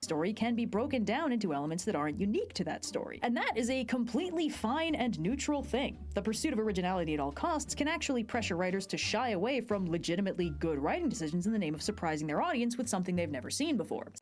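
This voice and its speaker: Quick, lively woman narrating a video essay. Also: medium pitch. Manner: articulate, measured explanation. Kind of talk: scripted narration.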